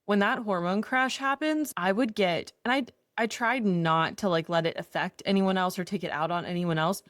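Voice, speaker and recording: A woman's voice: mid-range voice, normal speed, no room sound, clean studio sound. A woman in her thirties co-hosting a podcast, telling candid personal stories in a casual, self-deprecating chat. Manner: candid, animated storytelling with self-deprecating humor. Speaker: podcast co-host.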